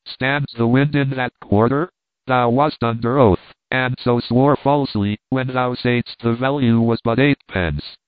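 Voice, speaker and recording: A man's voice: mid-range voice, steady tone, a little slow, no echo, natural voice. A man reading a storybook, voicing a sly, greedy constable who talks in a wheedling, threatening way. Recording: tinny phone-like line, dry.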